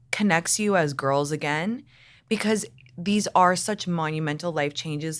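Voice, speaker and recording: A woman in her thirties hosts a podcast in a low voice. She affirms her guest and reflects out loud, speaking directly to the people listening. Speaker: podcast host. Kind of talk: casual chat.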